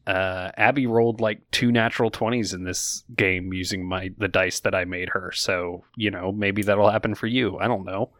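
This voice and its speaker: A man narrating a tabletop game as game master and podcast host, in a slow, drawn-out storytelling manner. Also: sits low, little pitch movement, fairly bright tone, dry recording, studio quality.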